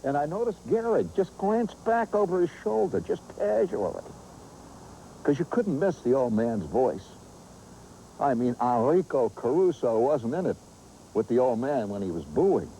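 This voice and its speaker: With an unhurried, mid-pitched voice, this male host tells a funny, nostalgic yarn full of vivid asides in an animated way. The audio is poor, with slight hiss or hum.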